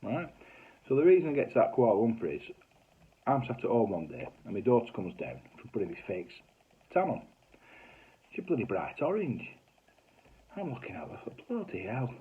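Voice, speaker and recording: A man's voice: medium pitch, sing-song, a little fast, long pauses, breathy edge. Chatty Northern English man telling stories. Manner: chatty, broad, swears mildly, acts out voices. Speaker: comedy sitcom writer telling stories. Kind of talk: casual anecdotal storytelling. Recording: tinny phone-like audio.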